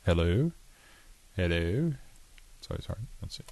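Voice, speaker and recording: A man's voice: low-pitched, sing-song, unhurried, vocal fry, a little mellow. A man hosting a podcast in an easygoing way, handing turns to his co-hosts and counting them in. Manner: easygoing, runs the show's cues. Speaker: podcast host. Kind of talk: casual chat.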